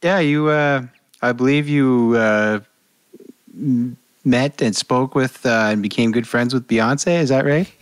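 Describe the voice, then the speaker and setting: A man's voice: medium pitch, measured pace, clean tone, no echo. A man co-hosting a podcast, upbeat, prompting the others with questions in casual chat. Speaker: podcast co-host.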